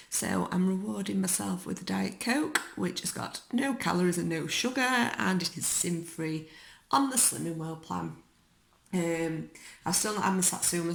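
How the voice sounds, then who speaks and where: Gravelly English woman chatting in an echoey room. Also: fairly low pitch. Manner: chatty and rambling, with many ums. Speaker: vlogger. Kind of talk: casual chat. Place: dining room at home.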